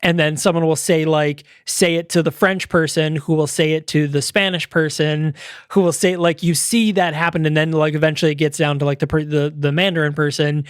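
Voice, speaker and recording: Animated man chatting on a podcast, dry close sound. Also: a little high, brisk, clear, resonant tone, no room sound. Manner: animated, swears casually, acts out quotes. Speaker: podcast co-host. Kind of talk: casual chat.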